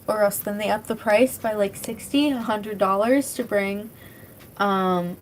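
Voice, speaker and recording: A woman's voice: medium pitch, a little slow, a little hiss or hum, poor audio. A young woman from British Columbia, streaming and chatting casually with her chat, rambling with lots of fillers and casual swearing. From British Columbia, Canada. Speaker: live streamer.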